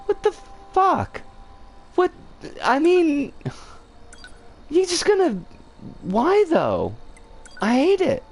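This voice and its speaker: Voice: high-pitched, huge pitch swings, drawn-out words, long pauses, a little mellow. A streamer giving live gameplay commentary, swearing in exasperated outbursts. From United States. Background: game music.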